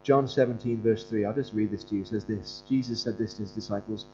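A man's voice: fairly low pitch, steady tone, quick pace, mellow. A man preaching in a conversational, earnest storytelling way, with some fillers and restarts. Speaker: pastor and Bible school leader. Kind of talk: conversational sermon. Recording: dull lo-fi recording with mains hum.

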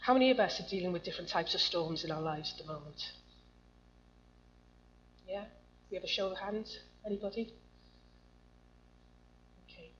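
A woman's voice: fairly low pitch, moderate pace, long pauses. A woman preaching a sermon to a congregation, reading scripture and asking the room questions in a conversational way. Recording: muffled lo-fi recording with faint hum.

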